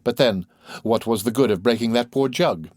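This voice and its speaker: A man's voice: mid-range voice, moderate pace, dry recording, clean studio sound, close to an everyday voice. A man voicing a young male poet who is gallant, wordy and pleased with himself, speaking in a theatrical, musing way. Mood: rueful, reasoning.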